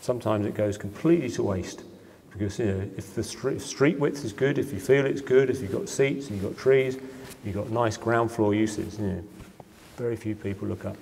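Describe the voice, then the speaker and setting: A man's voice: on the low side, normal speed, vocal fry, a little mellow, slight background noise. A middle-aged man, a property developer, giving an informal public lecture in a conversational way, full of "you know" and "uh". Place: lecture hall. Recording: long hall reverb.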